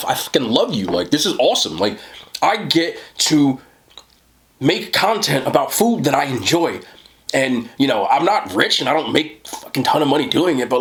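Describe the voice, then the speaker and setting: A young man rambling in casual talk while eating on camera, swearing and saying "bro" a lot. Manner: animated, swings from low mutter to high laughing jabs. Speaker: mukbang creator.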